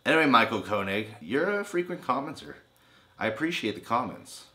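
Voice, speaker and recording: A man's voice: medium pitch, sing-song, a little fast, sharp tone. A young man co-hosting a trailer reaction video, trading crude, teasing jokes in casual chat. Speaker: co-host of a trailer reaction channel.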